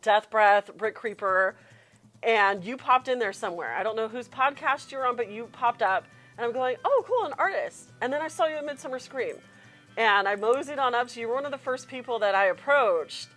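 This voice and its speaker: A woman hosting a casual podcast interview, excitable and gushing, swearing freely. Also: on the high side, brisk, soft background music. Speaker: podcast host.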